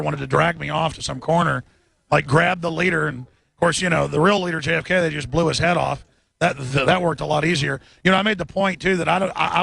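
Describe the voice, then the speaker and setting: A man hosting a radio show live from an outdoor event, ranting fast and chanting slogans through a bullhorn. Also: a little high, creaky, husky. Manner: shouts protest chants slowly and repeatedly.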